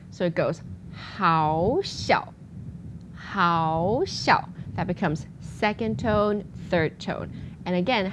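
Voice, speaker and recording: A woman co-hosting a language lesson, explaining tone rules in an upbeat way and repeating words slowly for practice. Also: on the low side, slight background noise. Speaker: language teacher and co-host. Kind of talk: teaching tone rules in casual chat.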